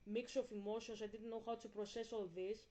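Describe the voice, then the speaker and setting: A woman from Greece talks through a story for her vlog. Her voice sits a touch high. She rambles candidly, restarts her sentences often and swears without a second thought. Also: flat delivery, brisk, mellow, poor audio. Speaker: vlogger.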